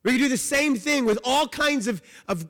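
A man preaching a sermon as pastor, emphatic, moving between loud declarations and quiet low phrases. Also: lively intonation, normal speed, in a large hall.

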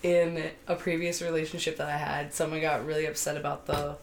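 Co-host, woman, low and gravelly, rambly and jokey; roomy recording. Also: monotone, a little fast. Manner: rambling, laughing, breaks into silly voices. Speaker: podcast co-host. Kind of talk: casual chat. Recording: echoey room, faint noise.

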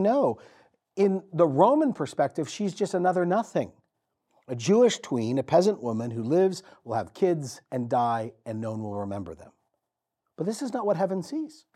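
A man preaching a sermon as pastor, telling the story vividly with dramatic pauses and repetition. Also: on the high side, very animated, warm tone, breathy edge.

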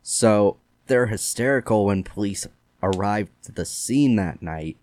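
Retelling a true-crime case in a laid-back, loose fashion, this podcast host fills his speech with "like." His voice runs on the low side and he takes his time. There's no room sound.

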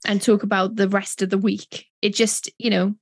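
A woman's voice: mid-range voice, level tone, moderate pace, no echo, studio quality. A woman co-hosting a casual chat podcast, talking in an emotional, heartfelt and rambling way. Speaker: podcast co-host.

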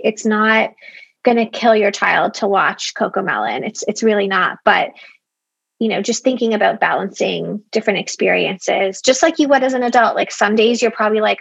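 Candid woman with gravelly fry. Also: mid-range voice, moderate pace, a bit bright, no echo, lo-fi sound. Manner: candid and chatty, peppered with "like". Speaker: app company founder as guest. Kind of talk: casual interview conversation.

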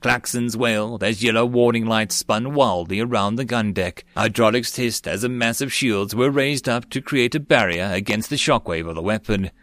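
A man's voice: fairly low pitch, normal speed, hardly any pauses, fairly bright tone, no room sound. A man reading a web novel aloud as an audiobook, doing all the parts himself and raising his voice for the dialogue. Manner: reads all parts himself, lifting his voice for quoted lines. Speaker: audiobook narrator.

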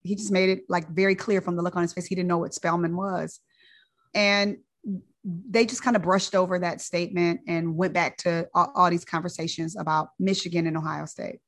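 Woman physician, personal storyteller, lower pitch, chatty with restarts. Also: fairly even intonation, normal speed, fairly bright tone. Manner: conversational, repeats words, fillers.

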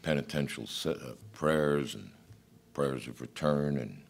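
A man preaching a sermon in a reflective, halting delivery. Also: very deep voice, creaky.

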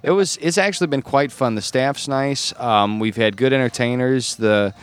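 A man's voice: mid-range voice, normal speed, clear, resonant tone. A man, a comedian guest on a podcast, talking in an easygoing, upbeat way in a comedy club showroom. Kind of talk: casual interview.

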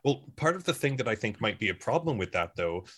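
A man's voice: fairly low pitch, very animated, fairly quick, a bit bright, husky. A man who plays in a tabletop campaign, chatting hesitantly with lots of fillers. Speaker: player. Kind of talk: casual podcast chat.

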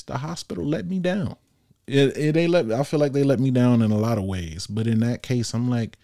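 A man's voice: on the low side, warm tone, no room sound, studio quality. A young man hosting a solo podcast, telling a personal story in a casual, blunt, slangy way and laughing often. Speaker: podcast host.

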